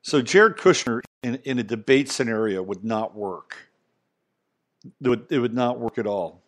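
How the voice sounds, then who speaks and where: A middle-aged man at a mid pitch holds forth as a podcast host. His monologue rambles but lands hard on key points, with asides and questions tossed to the listener. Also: a little slow, fairly bright tone. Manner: rambling, emphatic, conversational, with frequent asides. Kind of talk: casual monologue commentary.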